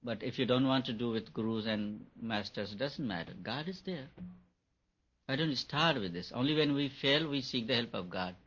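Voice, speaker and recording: Man, meditation teacher, husky voice, repeats points, muffled lo-fi sound. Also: medium pitch, normal speed, fairly bright tone. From India. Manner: repeats points for emphasis, chuckles. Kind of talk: spiritual talk to an audience. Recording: dull lo-fi recording.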